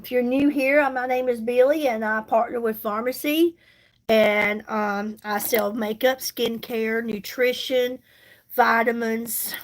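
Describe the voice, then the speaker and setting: A woman, chatting casually with viewers while she does her makeup on a livestream, folksy and reassuring. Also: on the high side. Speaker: makeup livestream host and seller. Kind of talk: casual live chat while doing makeup.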